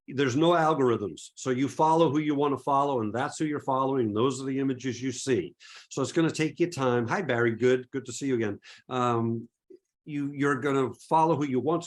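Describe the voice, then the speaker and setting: A middle-aged man from Massachusetts with no regional accent, answering audience questions in a relaxed webinar, chatty and full of restarts and fillers. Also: medium pitch. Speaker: photography presenter.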